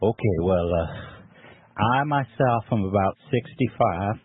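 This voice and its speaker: A man's voice: on the low side, animated, slight background noise. A man playing a bashful sixty-five-year-old caller. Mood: sheepish. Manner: halting, sheepish, full of fillers. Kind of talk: prank call to a psychic line. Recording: dry tinny phone line.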